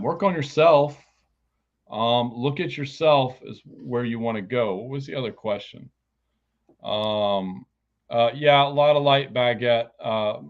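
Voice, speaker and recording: Blunt, foul-mouthed man reading cards. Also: mid-range voice. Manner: blunt, casual and heavily profane. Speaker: psychic card reader. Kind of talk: live online tarot reading. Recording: dull lo-fi stream audio.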